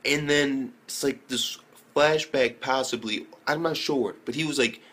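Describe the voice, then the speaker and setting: A young man giving a casual, profane review of an episode, full of slang and sudden high exclaimed reactions. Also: unhurried, a bit bright. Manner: heavy swearing and slang, jumps into high-pitched exclaimed reactions. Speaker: anime reviewer.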